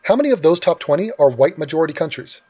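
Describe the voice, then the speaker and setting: A man's voice: on the high side, sing-song, quick pace, dark tone, breathy edge, muffled recording. A man hosting an angry, sarcastic and profane rant over video clips. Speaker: host.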